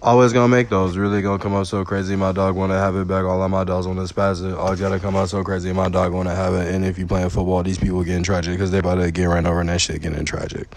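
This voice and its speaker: A man's voice: deep voice, level tone, very fast, few pauses. A young man rambling through a repetitive, half-sung freestyle rap.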